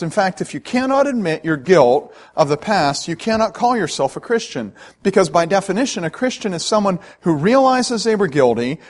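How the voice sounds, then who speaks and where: Male pastor, sermon delivery, earnest and emphatic, somewhat high-pitched, natural fillers.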